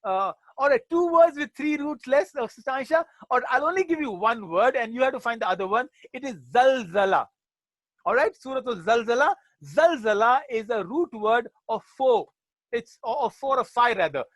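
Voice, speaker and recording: A man's voice: very high voice, animated, normal speed, fairly bright tone, no echo. Male teacher, online session, casual jokes and Arabic phrases, bone-dry mic. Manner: chatty, jokey, sprinkles Arabic religious phrases. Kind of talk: online class talk.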